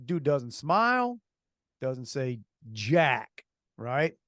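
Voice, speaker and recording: A man's voice: medium pitch, sing-song, extremely slow, a bit bright, no room sound, clean studio sound. A man co-hosting a radio talk show, telling stories animatedly with heavy sarcasm and many restarts. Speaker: radio co-host. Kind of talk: casual radio chat.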